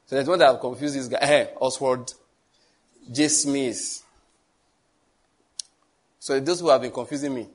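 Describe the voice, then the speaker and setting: This is a middle-aged pastor with a breathy, mid-range voice, giving a sincere sermon-style testimony on prayer. He tells stories, chuckles, and circles back to the same phrases.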